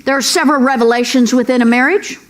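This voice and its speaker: A woman's voice: sits high, steady tone, quick pace, loud music behind the voice. A middle-aged woman doing a folksy, sassy stand-up routine, calling the crowd "girls" and asking for amens. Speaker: stand-up comedian. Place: comedy club stage. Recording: live stand-up with crowd noise. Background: audience laughter and room noise.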